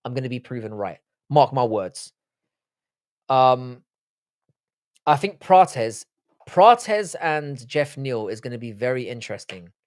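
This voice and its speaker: A man's voice: mid-range voice, expressive, slow pace, long pauses, dry recording, clean studio sound. A man hosting a live stream, chatting casually, reading chat comments aloud and answering with swearing banter. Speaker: livestream host.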